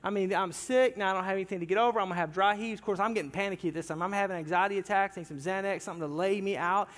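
A man's voice: sits high, very fast, fairly bright tone. A pastor telling a humorous story in a sermon, talking animatedly and directly with his congregation in a church sanctuary. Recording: long hall reverb from a large church.

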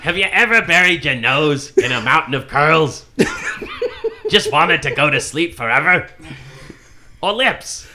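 A man's voice: a little high, lively intonation, measured pace, pauses often, bright, forceful tone, a little hiss or hum, heavily acted. A man putting on a lecherous, blustering old man's voice as a manic comedy impression. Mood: leering. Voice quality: manic, leering ranting delivery.

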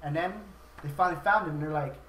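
A podcast host retells a movie in a casual, profane, rambling way, laughing often and acting out quoted lines. His slightly high, fairly bright voice moves fast and is picked up from a distance in a roomy space with crowd chatter and a little hiss or hum.

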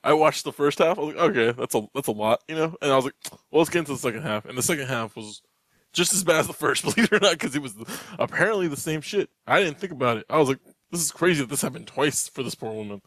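A man's voice: fairly high pitch, expressive, fast, a bit bright, no room sound. A man co-hosting a podcast in casual chat, joking and laughing. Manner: joking, laughing, teasing back. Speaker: podcast co-host.

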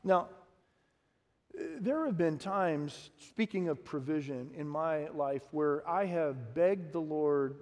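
A man with a fairly high voice preaches a sermon, animated and questioning his listeners. He acts out the lines he quotes. His voice rings with the long reverb of a large hall. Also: slow pace. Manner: animated, acting out quotes and asking the congregation questions. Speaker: pastor.

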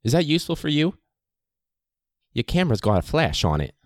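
Man putting on a Brooklyn-accented lady professor, rambling, lecturing, higher voice, dry room. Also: big pitch swings, fairly quick, a little mellow, no echo. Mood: scolding.

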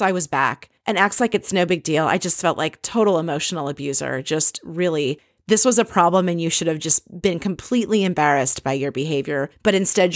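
A woman's voice: lowish voice, no room sound, studio quality. A woman hosting a podcast, candidly recapping a reality show episode with blunt, opinionated commentary. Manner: candid, opinionated, swears for emphasis. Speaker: podcast host.

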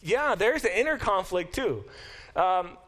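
A middle-aged man lecturing on scripture in a classroom, his voice sitting a little high for a man. He thinks aloud, restarts phrases and throws questions to his students as he goes. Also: sing-song, a little slow, fairly bright tone. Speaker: Bible professor.

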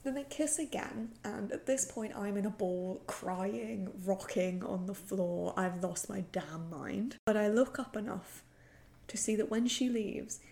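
A woman's voice: medium pitch, measured pace, vocal fry, dark tone. A woman co-hosting a podcast in casual chat, ranting and exaggerating with plenty of swearing. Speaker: podcast co-host.

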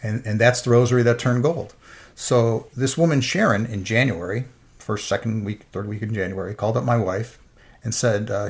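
A man's voice: lowish voice, normal speed. Earnest middle-aged man telling a story. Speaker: interview guest. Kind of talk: personal faith testimony.

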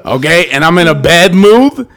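A man hosting a podcast in casual, joking chat, playful and quick to laugh. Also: on the high side, lively intonation, a bit bright. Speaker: podcast host.

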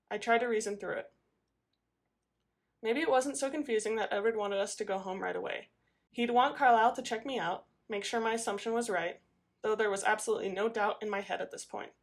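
A woman narrating a first-person novel in an expressive reading voice. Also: medium pitch. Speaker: audiobook narrator.

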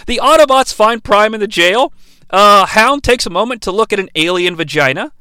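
Sarcastic young man, bright high voice. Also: expressive, moderate pace, smooth, no room sound. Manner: sarcastic, profane, rambling. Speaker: host, bad-movie reviewer. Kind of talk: comedic movie recap.

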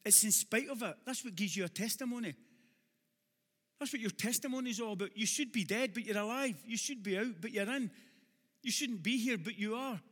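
A man with a Glaswegian accent preaching a sermon to a congregation, with humorous asides that build to shouted exhortation. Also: high-pitched, brisk, husky, big-room sound. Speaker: pastor.

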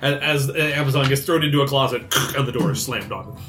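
A man's voice: mid-range voice, a little fast, fairly bright tone, soft background music. A man running a tabletop card game with friends, chatting, laughing often and narrating the action between turns. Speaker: game master.

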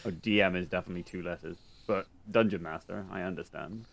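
A man's voice: low voice, fast, vocal fry. A man playing a tabletop game who banters and argues points with the others. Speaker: player. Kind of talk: casual game chat.

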